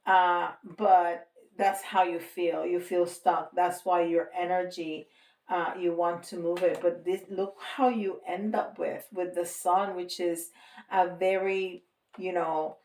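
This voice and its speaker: A woman giving a casual tarot reading to viewers, slow and reassuring, with frequent light laughter. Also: lowish voice, level tone, darkish tone. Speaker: tarot reader. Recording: roomy, from a distance.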